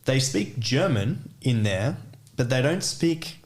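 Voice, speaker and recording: A man's voice: medium pitch, lively intonation, slow pace. A man with an Australian accent chatting as a podcast guest, rambling and full of filler words. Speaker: guest, DJ and music producer. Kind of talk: casual podcast chat.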